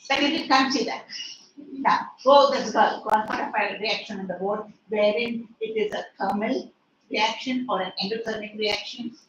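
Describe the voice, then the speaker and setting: A strict Indian woman teacher lectures on chemistry and scolds her pupils sharply between rapid-fire questions. Her voice is bright and forceful, a little high, and it sounds distant in an echoey room with faint background noise. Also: highs cut off. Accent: Indian English. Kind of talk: online class lecture.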